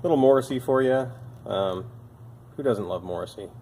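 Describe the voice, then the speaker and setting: Speaking at normal speed in a mellow voice on the low side, a young man talks over slight background noise. He works at a bike shop and hosts videos, casually showing off old bike parts with tired, dry, self-deprecating wit.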